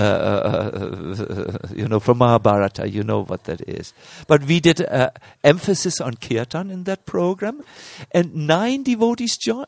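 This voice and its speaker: Slow, halting middle-aged male preacher. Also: medium pitch, gravelly, darkish tone, no room sound. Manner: slow, halting, many fillers and restarts. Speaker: spiritual teacher. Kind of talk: sermon with personal story.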